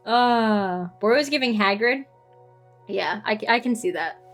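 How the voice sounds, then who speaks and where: A woman's voice: a little high, lively intonation, slow, fairly bright tone, faint music behind. A woman game streamer chatting casually, giggly and trailing off as she plays.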